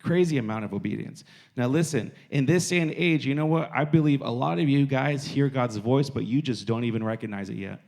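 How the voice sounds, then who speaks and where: A man's voice: medium pitch, fairly quick, vocal fry, a little mellow. A man giving a casual sermon to young people, talking conversationally and repeating phrases for emphasis. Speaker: youth preacher.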